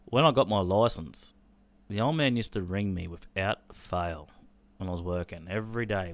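A man, telling a painful personal story on a podcast in a halting, sombre way, with swearing. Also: low-pitched. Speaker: podcast host.

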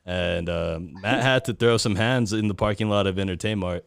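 A man's voice: low voice, normal speed, creaky, clean tone, no echo, studio quality. A man hosting a podcast in casual chat, loose and profane, with hesitant fillers. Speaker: podcast host.

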